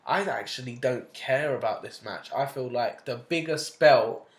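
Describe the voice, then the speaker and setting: A man's voice: mid-range voice, measured pace. A young man co-hosting a casual podcast chat, blunt and opinionated, swearing and mocking in a whiny voice. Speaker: podcast co-host. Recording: roomy echo.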